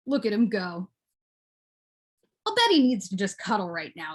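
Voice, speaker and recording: Woman reading poetry in husky, lively baby talk. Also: moderate pace. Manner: swings between high cooing baby talk and low muttered asides. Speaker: poet reading her work. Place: at home for an online book launch.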